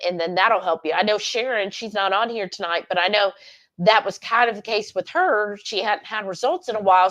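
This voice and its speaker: A woman's voice: mid-range voice, fairly bright tone. A woman co-hosting a livestream, chatting candidly in a rambling, self-correcting way. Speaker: livestream co-host. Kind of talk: casual chat.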